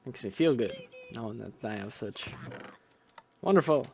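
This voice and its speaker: Over a slight background noise, a young gaming video creator gives rambling, self-directed commentary on his play, restarting and drifting into asides as he muses. His medium-pitched voice is expressive and a little mellow, with vocal fry, at a normal speed.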